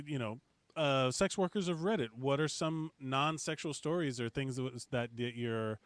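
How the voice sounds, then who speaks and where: A man's voice: medium pitch, smooth, dry recording. A man co-hosting a podcast in casual chat, rambling with lots of fillers and laughing at his own jokes. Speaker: podcast co-host.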